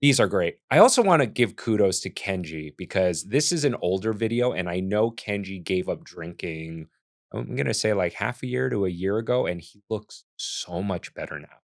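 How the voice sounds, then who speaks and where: A man's voice: sits low, expressive, moderate pace, creaky. An American man in his forties, a chef giving casual, earnest reaction commentary with frequent restarts. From United States.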